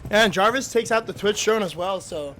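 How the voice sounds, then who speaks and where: Male color caster, slightly high voice, relaxed analysis, faint game noise. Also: fairly quick. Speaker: esports commentator. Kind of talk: color commentary on a match.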